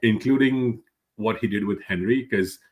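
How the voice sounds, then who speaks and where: A man's voice: fairly low pitch, normal speed. A man reviewing a book in a casual chat, enthusiastic and full of "like, you know" fillers.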